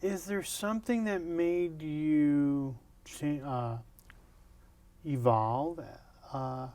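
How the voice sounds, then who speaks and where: A man interviewing a guest, asking earnest, halting questions. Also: fairly high pitch, darkish tone, clear, resonant tone.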